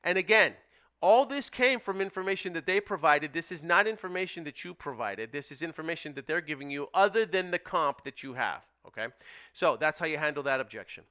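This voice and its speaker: Man, real estate coach, emphatic teaching tone, bright and somewhat high voice. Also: lively intonation, fairly quick. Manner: emphatic, role-plays seller scripts with dropping pitch. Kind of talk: instructional presentation.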